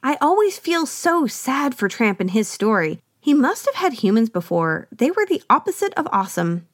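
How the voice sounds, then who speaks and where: A female podcast host delivers a solo movie recap, chatty and wry with plenty of playful asides. She's very animated at normal speed, her pitch jumping around a lot, and the sound is dry and close with no room echo.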